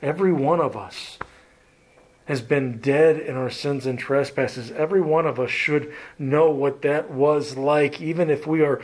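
Male preacher, unhurried sermon delivery, soft trailing phrase endings, direct questions to the congregation. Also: on the high side. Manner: slow, deliberate preaching that trails off softly at phrase ends; asks the listeners direct questions.

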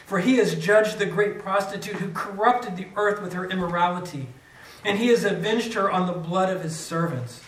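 A preacher with a fairly high voice reads scripture with dramatic swells and then explains it to his congregation. He sits back from the mic, so the reverberant room carries his voice. A faint hum of room ambience lies underneath. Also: normal speed. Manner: dramatic reading, rising loud on quoted cries. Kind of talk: scripture reading and sermon. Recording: echoey room, mic from a distance.

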